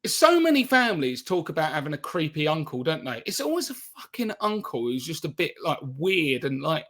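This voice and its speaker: A male comedian co-hosting a podcast in loose, jokey chat. His voice sits high for a man and rings bright and forward. He swears freely and trips over his words as he riffs. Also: very animated, fairly quick. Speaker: podcast co-host.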